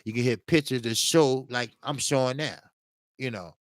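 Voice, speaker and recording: On his laid-back boxing livestream, a man spins a funny, slang-heavy story, laughing a lot and stretching out his words while ending lines with "man" again and again. He speaks at medium pitch, and there's no echo.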